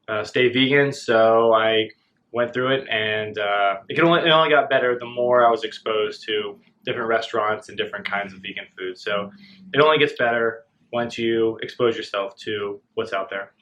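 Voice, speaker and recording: A man chatting casually through a meal at home, relaxed and hesitant, with lots of ums and uhs. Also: fairly low pitch. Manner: relaxed, hesitant, many fillers. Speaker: co-host, guest on the vlog. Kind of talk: casual mukbang chat. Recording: dull lo-fi sound.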